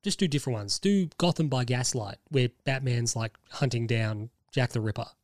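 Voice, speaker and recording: A man hosting a podcast, chatting casually and pitching ideas enthusiastically in long rambling runs. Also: normal speed, darkish tone, no room sound, clean studio sound. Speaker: podcast host. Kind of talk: casual chat.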